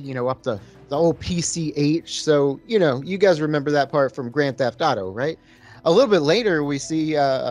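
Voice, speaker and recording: A young man co-hosting a podcast, telling a movie's story in a laid-back way with crude jokes. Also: fairly high pitch. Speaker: podcast co-host. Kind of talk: casual movie-riffing chat.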